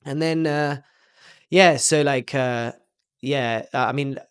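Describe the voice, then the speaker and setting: An aspiring comedian and rapper, a young man with an English accent, rehearses a stand-up routine in a slow, clear, resonant mid-range voice. His storytelling rambles and is heavy with fillers.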